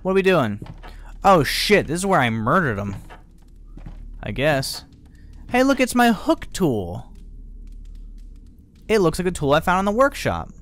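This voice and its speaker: A young man casually commenting on a horror game he is playing, profane and prone to loud startled outbursts. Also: a little high, sing-song, a little slow, pauses often. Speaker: gaming channel host. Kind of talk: let's play commentary.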